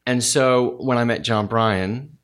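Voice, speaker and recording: A man, a guest filmmaker, talking in a relaxed, hesitant way with many fillers. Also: medium pitch, takes it slowly. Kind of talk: casual conversation.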